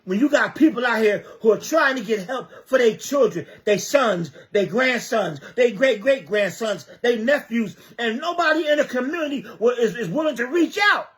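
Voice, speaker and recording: A man with a very high, animated voice delivers an impassioned livestream monologue about community youth programs at a moderate pace with few pauses. He fires off rhetorical questions, repeats himself, and stammers while reading viewer comments.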